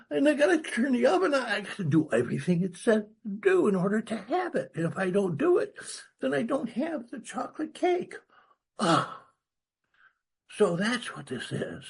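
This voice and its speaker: Husky-voiced man telling his recovery story. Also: sits high. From New York, USA. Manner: animated storyteller, acts out dialogue, blunt and salty. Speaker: recovery meeting speaker. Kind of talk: personal recovery story talk.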